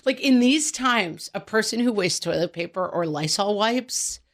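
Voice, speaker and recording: A woman in her forties co-hosting a podcast in casual chat, telling stories with lively acted-out quotes. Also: mid-range voice, measured pace. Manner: animated storytelling, quoting family in character. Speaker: podcast co-host.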